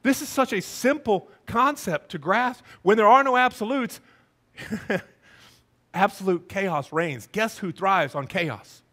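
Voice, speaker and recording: Man preaching a sermon, high voice, fervent and emphatic. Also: lively intonation, takes it slowly, bright, forceful tone. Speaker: pastor.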